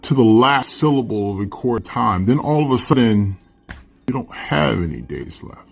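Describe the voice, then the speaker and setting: A man teaching a lesson, explaining a text in a relaxed, conversational way and checking in with frequent "right?" and "you know". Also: medium pitch, normal speed, gravelly, husky, soft background music.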